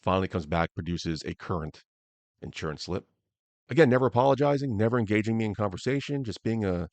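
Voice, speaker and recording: A man with a very low, deep voice tells a story on his podcast, heated and cursing as he goes. The sound is dry and close, with no room echo. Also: vocal fry. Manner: angry, profane storytelling. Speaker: podcast host.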